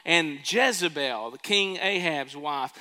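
A pastor preaches a sermon in a church sanctuary, telling a story and putting questions to the congregation. His slightly high voice is slow, pushed and bright, surrounded by long church reverb.

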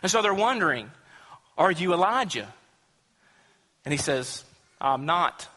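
A man's voice: high-pitched, very animated, unhurried, sharp tone, long reverb tail. A man preaching a sermon in an earnest, emphatic manner, asking rhetorical questions and acting out quotes. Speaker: pastor.

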